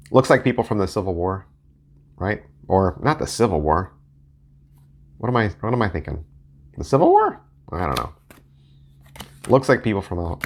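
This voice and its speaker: A man's voice: fairly low pitch, slight background noise. A middle-aged man rambling casually as he reviews playing-card decks, joking and poking fun at himself. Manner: rambling, joking and self-mocking. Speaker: deck collector and video host.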